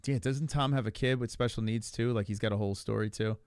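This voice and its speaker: A man co-hosting a casual podcast, talking in an animated, profane and rambling way. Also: on the low side, quick pace, no echo, clean studio sound. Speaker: podcast co-host. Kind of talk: casual chat about fights.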